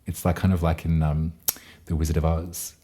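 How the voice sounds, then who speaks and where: A man giving a gentle, meandering tarot and astrology reading to his viewers. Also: very deep voice, level tone, moderate pace. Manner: gentle, meandering, with frequent fillers. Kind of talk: casual tarot reading to camera.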